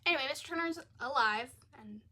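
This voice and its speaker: Talking fast in a high, bright and forceful voice, this young woman reviews a film for her video in a casual, chatty manner. She comes across as exasperated and uses "like" a lot.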